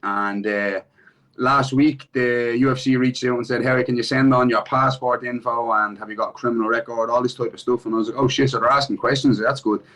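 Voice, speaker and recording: Laid-back swearing Irish fighter. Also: male voice, medium pitch, steady tone, brisk, fairly bright tone, poor audio. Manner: profane, repeats "do you know what I mean". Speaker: MMA fighter guest. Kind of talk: casual interview chat.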